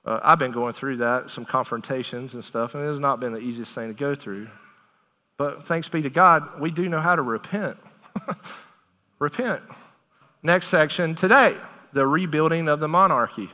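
A man with a bright, forceful voice preaches with passion, pressing hard on his points and then slipping into easy talk with his listeners. He sits a little high in his voice. The sound rings out with a long reverb, as in a large hall. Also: normal speed. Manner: animated, emphatic, conversational preaching with Southern turns of phrase. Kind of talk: sermon.

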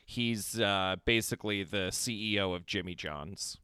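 A man's voice: lowish voice, unhurried, bright, forceful tone, smooth, dry recording. Dry-voiced man with wry asides. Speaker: podcast co-host. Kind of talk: casual chat recapping a movie.

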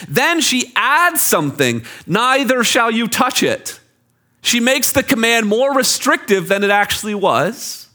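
A man preaching a sermon from Canada, animated and explaining scripture with everyday examples. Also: high voice. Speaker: pastor. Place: church.

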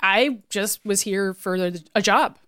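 A woman's voice: mid-range voice, a little slow, bright, forceful tone. A woman co-hosting a podcast, recapping an episode in casual chat, acting out the characters' lines with swearing and laughter. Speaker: podcast co-host.

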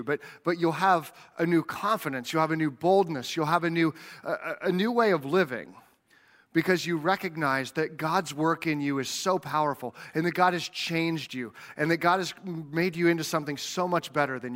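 A man's voice: fairly high pitch, a bit bright. A man preaching a sermon as pastor, earnest, often repeating words as he goes.

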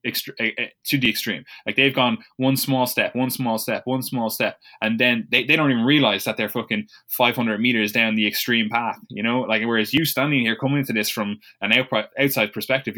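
Casual male co-host, bright edgy tone, profane, rambling, sarcastic mimicry. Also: mid-range voice, steady tone, fairly quick, hardly any pauses. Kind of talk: casual chat.

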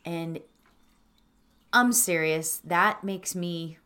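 Slow, teary woman guiding a meditation. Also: on the low side, smooth. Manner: earnest, emotional, slow and halting with soft laughs. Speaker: meditation guide. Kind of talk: reflective spoken intro to a guided meditation.

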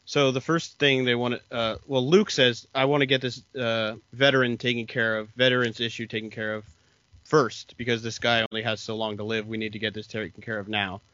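Man retelling a show, bright tone, dull dry recording. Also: mid-range voice, little pitch movement, a little fast, dry recording. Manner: explanatory, retells scenes with quoted lines. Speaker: podcast co-host. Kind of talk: casual chat recapping a TV episode.

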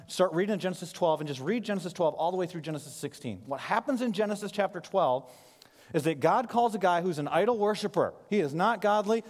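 Fast-talking preacher guy on stage, kinda high voice, long echo in a big hall. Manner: animated storytelling with quick asides. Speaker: pastor. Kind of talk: sermon. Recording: live sermon in a reverberant hall.

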